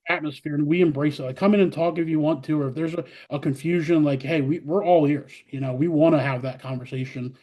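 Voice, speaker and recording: A middle-aged man who coaches college softball talks casually with a fairly high voice. He tells stories with lots of fillers and acts out his players' lines. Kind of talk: casual interview talk.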